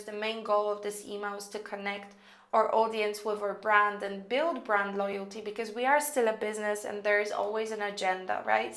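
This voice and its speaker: A woman teaching copywriting in a casual, chatty way, thinking out loud with lots of fillers as she walks through an email draft. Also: mid-range voice, roomy sound. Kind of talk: casual screen-recorded lesson.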